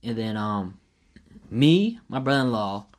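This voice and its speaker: A man's voice: fairly low pitch, lively intonation, a little slow. A man in casual chat, teasing a friend while starting a story. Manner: short backchannels, teasing.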